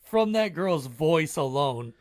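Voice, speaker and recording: A man's voice: on the high side, expressive, slow. A man co-hosting a casual live chat show, blunt and opinionated, with a joking edge. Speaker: podcast co-host.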